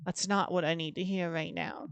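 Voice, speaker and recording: A woman's voice: lowish voice, fairly even intonation, moderate pace, vocal fry, slight background noise. A woman voicing an insecure young female paladin who talks in an emotional, defensive way. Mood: tearful, withdrawn.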